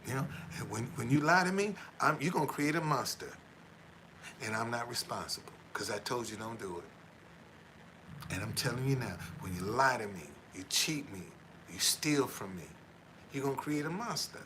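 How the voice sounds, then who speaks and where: A man's voice: medium pitch, animated, moderate pace, sharp tone, slight background noise, poor audio. A middle-aged man chatting casually on a livestream, rambling and repeating himself, tagging his lines with "man" and earnestly preaching about honesty. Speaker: tour guide and former van driver.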